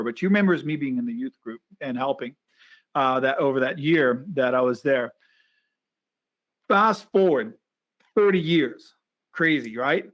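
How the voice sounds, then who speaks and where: A man hosting a podcast, telling a story in casual chat and acting out the voices of the people in it. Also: medium pitch. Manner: lively storyteller who acts out quoted voices. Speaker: podcast host.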